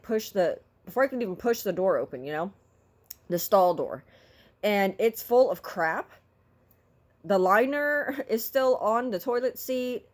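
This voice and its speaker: Woman, middle-aged, casual vlog storytelling, vocal, exasperated ranting. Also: medium pitch. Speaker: vlogger.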